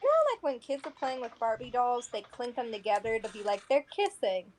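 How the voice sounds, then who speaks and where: Woman, tabletop game player, playful, chatty, fairly high voice. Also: very animated, brisk, slight background noise. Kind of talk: casual tabletop game chat.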